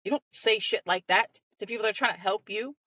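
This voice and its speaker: A woman's voice: medium pitch, quick pace, pushed and bright, poor audio. A woman co-hosting a casual podcast, talking bluntly and emphatically. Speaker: podcast co-host. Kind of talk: casual chat.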